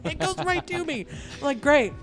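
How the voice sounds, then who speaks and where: Animated podcast co-host telling stories. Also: sits high, moderate pace, soft background music. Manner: animated storyteller, acts out voices. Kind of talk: casual chat.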